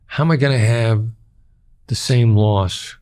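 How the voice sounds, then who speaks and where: A man's voice: mid-range voice, unhurried, darkish tone. A middle-aged man, a former hostage negotiator, speaking as a podcast interview guest in a plain-spoken way and repeating key phrases for emphasis.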